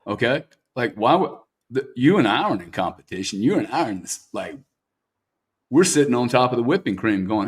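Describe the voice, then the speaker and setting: A man interviews a guest in a candid, unpolished way. He is blunt and swears freely, and he keeps tagging "man" onto his sentences. His voice sits at a middle pitch. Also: sing-song, fairly quick, husky.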